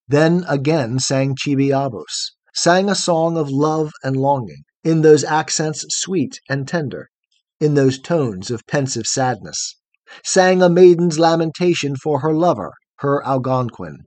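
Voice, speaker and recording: A man reads a long poem aloud in a steady, rhythmic cadence. His voice sits a little high, and the sound is close and dry, with no room around it. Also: a little slow, no room sound. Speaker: audiobook narrator. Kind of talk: scripted poetry narration.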